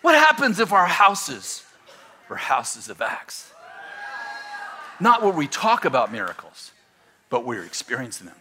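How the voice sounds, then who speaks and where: A middle-aged male pastor preaching a sermon to a live audience, telling lively stories and acting out the voices of the people in them. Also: fairly high pitch, unhurried, long pauses. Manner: storytelling, animated retelling with voiced quotes.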